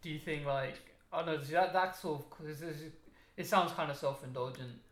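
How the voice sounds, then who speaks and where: A man's voice: on the high side, a little fast, a bit bright. Laid-back man in an echoey room. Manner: laid-back, swears often. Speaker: film chat participant. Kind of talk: casual chat. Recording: echoey room with noticeable background noise.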